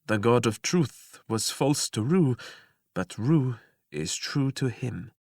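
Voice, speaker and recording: A man voicing a calm, detached male immortal who speaks in a measured, quietly lecturing way. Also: medium pitch, gravelly, dry recording, clean studio sound, heavily acted. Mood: serene.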